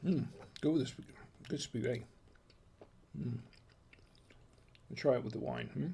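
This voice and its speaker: A man's voice: mid-range voice, a little slow, vocal fry, warm tone, slightly rough. An American man hosting a casual wine tasting, chatty and folksy, murmuring as he samples food and wine. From United States. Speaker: wine review host.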